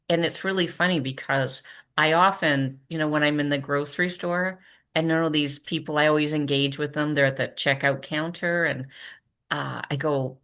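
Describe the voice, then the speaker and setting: A woman hosting a conversational podcast, animated and quick with asides, laughing often. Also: deep voice. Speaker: podcast host. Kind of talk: conversational interview.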